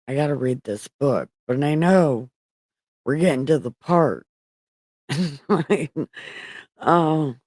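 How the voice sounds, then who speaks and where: Her voice is bass-low and a little mellow, captured in a dry recording. Casually reading the Bible on a livestream, she rambles, self-corrects, swears in her paraphrases and addresses a chat with nobody in it.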